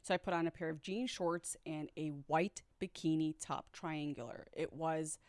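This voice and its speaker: A woman's voice: sits low, fairly even intonation, moderate pace, darkish tone, no room sound, studio quality. A woman from Chicago telling a personal story to viewers in a chatty, sassy way, with asides and frequent laughter. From Chicago, USA. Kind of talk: storytime vlog.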